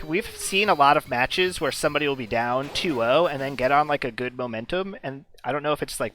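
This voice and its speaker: A man's voice: on the high side, pushed and bright. Male co-caster, casual and explanatory, faint music underneath. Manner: chatty, explanatory, filler-heavy. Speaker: commentator. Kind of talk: casual esports commentary.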